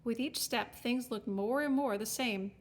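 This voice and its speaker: A woman reading a storybook aloud, with wry, expressive scripted narration. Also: fairly high pitch, a little slow. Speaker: audiobook narrator.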